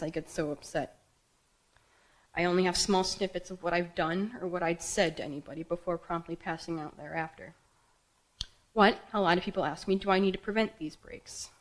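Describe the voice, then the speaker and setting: A woman's voice: mid-range voice, rough recording. A young woman, a writer, performing her own raw and intense personal story live on a theater stage. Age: young adult. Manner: raw, intense, emotional delivery.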